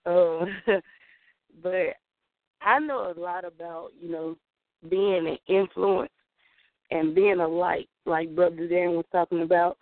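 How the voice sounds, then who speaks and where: A young woman from the Southern US, speaking with a Southern accent, calls in to a call-in show to give an emphatic, preacher-style testimony addressed straight to listeners. Her voice is lowish and steady, her pace slow with long pauses, carried over a tinny, dry phone line.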